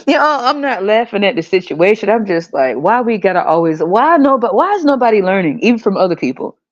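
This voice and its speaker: A woman's voice: mid-range voice, sing-song, fast, dull audio. A woman hosting a podcast, ranting casually in a blunt, exasperated way and swearing freely. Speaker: podcast host.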